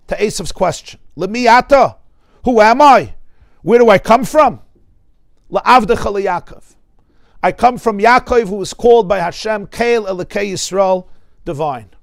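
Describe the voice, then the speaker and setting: New york rabbi giving a torah class, emphatic, highish voice, dry close sound. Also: male voice, dry recording. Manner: emphatic, repeats words for stress, quotes Hebrew texts. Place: study hall class.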